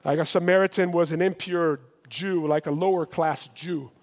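A man preaching a sermon, lively and emphatic, acting out the dialogue of scripture with rising intensity. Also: on the high side, moderate pace. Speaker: pastor. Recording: long hall reverb.

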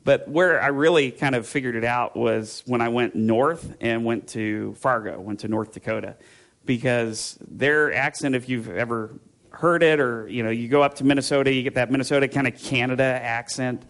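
Gravelly-voiced pastor telling casual stories. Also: male voice, medium pitch, fairly even intonation, moderate pace, fairly bright tone. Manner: casual, rambling storytelling with fillers and self-interruptions. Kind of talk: conversational sermon with personal stories.

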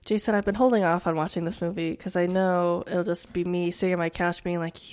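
A woman's voice: lowish voice, steady tone, brisk, hardly any pauses, darkish tone, a little hiss or hum. A young woman co-hosting a casual podcast chat, joking and sarcastic, swearing freely. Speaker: podcast co-host.

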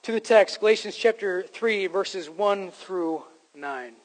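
A man's voice: sits high, slow, rough recording. A man preaching a sermon to his congregation, in a conversational style that rises to emphatic points. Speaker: pastor.

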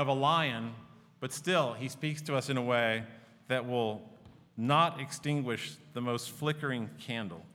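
A man preaching a sermon as a pastor, earnest and often dropping to a hushed, tender tone. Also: medium pitch. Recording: long reverb of a large hall.

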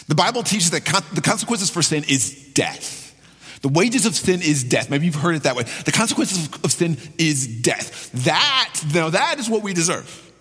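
Lively-voiced male pastor preaching in a reverberant hall. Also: on the high side, normal speed, slightly rough. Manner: emphatic, repeats key phrases for effect. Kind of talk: sermon.

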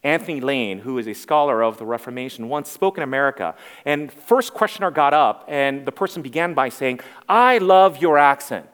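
A man's voice: medium pitch, brisk, few pauses, fairly bright tone, smooth. A man in his forties preaching a sermon as pastor, earnest and emphatic, repeating key phrases. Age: 40s. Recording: reverberant hall.

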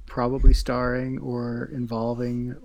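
Dry-joking man with a gravelly voice. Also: mid-range voice, monotone, unhurried, darkish tone. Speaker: podcast co-host. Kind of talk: casual chat. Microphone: podcast microphone.

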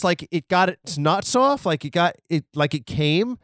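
A man's voice: high-pitched, lively intonation, unhurried, few pauses, fairly bright tone, no echo, clean studio sound. A man hosting a comedy podcast, riffing crudely and rambling on news headlines. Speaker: podcast host.

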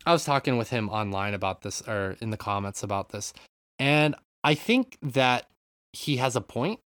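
A man hosting a casual gaming podcast, rambling from point to point and swearing freely as he goes. His voice sits at an ordinary middle pitch. The sound is dry and close on a podcast mic. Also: a bit bright, no echo. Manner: rambling, swears freely, reads listener comments. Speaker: podcast host.

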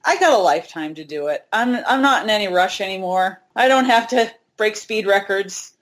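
A middle-aged woman guest in a casual interview, telling lively stories about hiking and acting out what people said. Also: mid-range voice, moderate pace. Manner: animated, acts out quoted dialogue.

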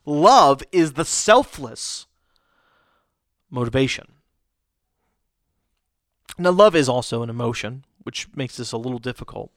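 A man's voice: medium pitch, animated, no room sound, clean studio sound. A man preaching a conversational sermon who often restarts his sentences and checks in with rhetorical questions. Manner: halting, frequent restarts, rhetorical "right?". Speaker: pastor.

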